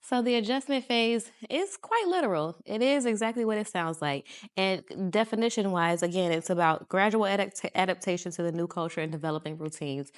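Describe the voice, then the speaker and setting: A young woman from the United States chatting casually to camera from her couch, telling stories animatedly and acting out what people said in a higher voice, laughing often. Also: smooth. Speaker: vlogger. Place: home, sitting on a couch.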